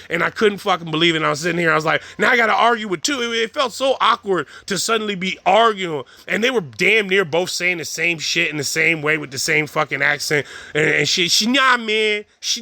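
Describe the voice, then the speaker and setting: Gravelly, bright-voiced man telling a rambling story. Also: high-pitched, no echo. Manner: profane, loose, animated, with street slang. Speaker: vlogger.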